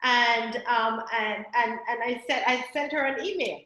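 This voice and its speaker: A woman from Jamaica, a filmmaker telling her story in an animated, laughing way as an interview guest. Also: a little high, moderate pace, roomy sound, dull audio.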